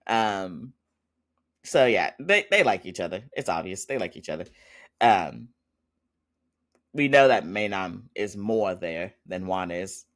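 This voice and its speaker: A male podcast host walks through a drama episode in a relaxed, rambling recap. His voice sits a little low, and he scatters ums and quick chuckles through his telling. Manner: chatty, rambling, with frequent fillers and little laughs.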